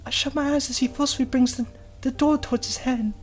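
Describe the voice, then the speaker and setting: A woman voicing a gentle, devoted young woman in a visual novel, narrating softly in first person and comforting someone she loves. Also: high-pitched, fairly even intonation, quick pace, loud music behind the voice, close to an everyday voice. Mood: tender. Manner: soft, tender, hushed delivery.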